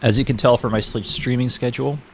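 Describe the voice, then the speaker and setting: A man's voice: medium pitch, fairly even intonation, fast talker, a little hiss or hum. A young man streaming a game, chatting casually in a rambling way, laughing, swearing and restarting his sentences. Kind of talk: casual gaming stream commentary.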